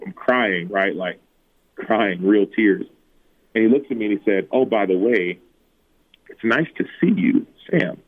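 A low-pitched man in his thirties tells his story as an interview guest, sounding thin and phone-like. He acts out the quoted lines in a lively, higher voice. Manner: animated retelling, acting out quotes in a higher voice. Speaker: guest, former football player. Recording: tinny phone-like remote line.

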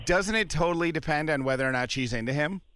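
Male radio host, bright and smooth tone, direct questioner. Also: on the high side, no room sound, studio quality. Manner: quick, probing questions. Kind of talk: casual radio chat.

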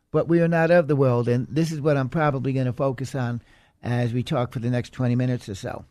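Earnest male preacher, dark dry voice. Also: medium pitch, no echo. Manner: earnest, reads quotes aloud and comments on them. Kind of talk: sermon.

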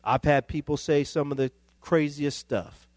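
A male pastor, preaching a sermon that climbs into emphatic, excited peaks. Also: on the high side, unhurried, no room sound.

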